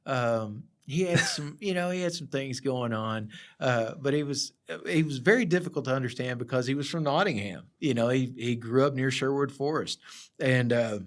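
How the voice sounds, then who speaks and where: A man's voice: mid-range voice, normal speed. A middle-aged man, a project surveyor, telling rambling work stories in a casual chat, laughing often. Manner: laid-back rambling storyteller, laughs often. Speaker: project surveyor, podcast guest.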